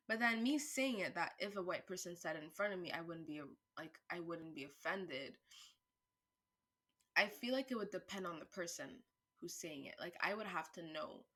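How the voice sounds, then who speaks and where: A woman vlogger thinking aloud in a casual monologue, rambling with restarts, swearing freely, and turning louder and higher when worked up. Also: husky. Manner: animated, rising pitch and volume when worked up.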